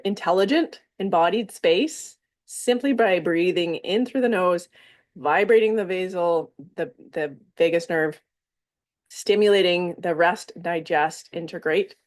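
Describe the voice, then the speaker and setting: Calm, low-voiced woman teaching a wellness workshop. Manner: calm, flowing, with stretched-out words and pauses. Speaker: somatic workshop facilitator.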